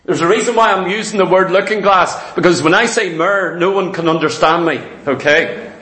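A man with a Northern English accent preaching a sermon, fervent and quick, firing rhetorical questions at his listeners. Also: high-pitched, bright, forceful tone, roomy sound.

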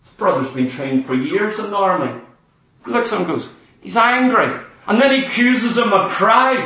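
A man with a very high, bright voice preaches a sermon, stressing his points with heavy repetition. He is picked up from some way off the mic in a very echoey hall. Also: normal speed, distant mic. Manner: impassioned, emphatic preaching with repetition.

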